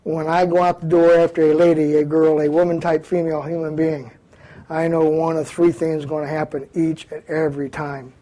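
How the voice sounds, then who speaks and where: Older ex-cop guy talking to kids in trouble, highish voice, blunt and jokey. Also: moderate pace, poor audio. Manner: animated storyteller, blunt, folksy. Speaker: former police officer speaking to young offenders. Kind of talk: comedic talk to a live group.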